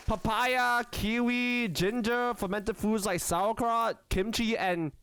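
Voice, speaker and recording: A young man livestreaming in a casual, rambling chat, excitable, often laughing and squealing, with lots of restarts. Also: high-pitched, takes it slowly, hardly any pauses, background noise. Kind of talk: casual live-stream chat.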